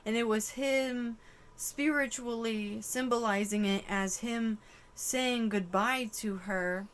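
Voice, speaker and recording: A woman's voice: on the high side, takes it slowly, clear, resonant tone. A woman giving a casual channeled tarot reading to camera, emotional and exclaiming, swearing casually. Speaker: tarot reader.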